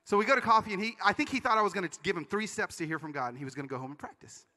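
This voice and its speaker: Male conference preacher, high bright voice, animated storyteller, hall reverb. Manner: animated storytelling with quick asides. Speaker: conference speaker. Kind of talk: energetic sermon talk.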